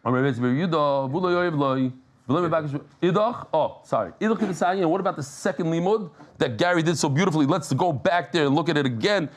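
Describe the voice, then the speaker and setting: A man teaching a live Talmud class in a casual, animated way, joking with the room and restarting his sentences as he explains. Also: a little high, brisk.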